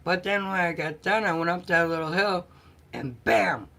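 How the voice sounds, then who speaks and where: A woman vlogger chatting casually with her viewers and telling stories, often clearing her throat and laughing softly. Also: fairly low pitch, moderate pace. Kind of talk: casual live chat.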